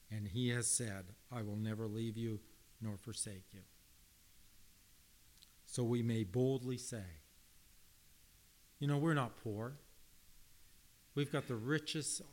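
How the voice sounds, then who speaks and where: A man's voice: medium pitch, a little mellow. A man preaching a sermon, reading Bible passages aloud and stressing key words earnestly, with frequent restarts.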